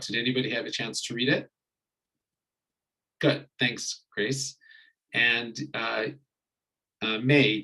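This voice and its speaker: A man leading an online marriage communication class, retelling a story in a relaxed way with many fillers. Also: mid-range voice, low-quality recording. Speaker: marriage workshop leader.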